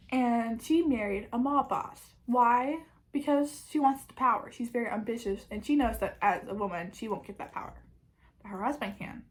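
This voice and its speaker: A woman's voice: on the high side, poor audio. Chatty woman reviewing books. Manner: chatty, frequent "like", restarts. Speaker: book reviewer. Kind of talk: casual book review vlog.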